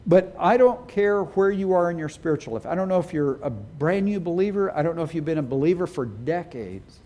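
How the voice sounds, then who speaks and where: A man's voice: fairly high pitch, lively intonation, brisk, dark tone, dull audio. A middle-aged man preaching a sermon as pastor, speaking earnestly and with emphasis.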